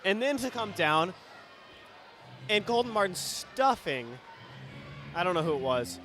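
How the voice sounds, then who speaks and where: A young man doing color commentary on a high school basketball game, indignant about the refereeing. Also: very animated, a little slow, a bit bright, faint music behind.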